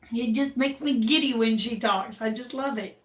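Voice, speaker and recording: A woman's voice: fairly high pitch, sharp tone, slight background noise. A woman with a Southern drawl, chatting casually and effusively on a livestream from home. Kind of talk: casual chat. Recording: echoey room.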